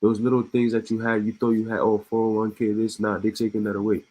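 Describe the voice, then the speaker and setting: A low-pitched man reads the news aloud in a casual way and comments between the lines. His voice is husky. He repeats words and breaks off with short laughs. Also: little pitch movement, quick pace, a little mellow, poor audio. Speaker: online commentator.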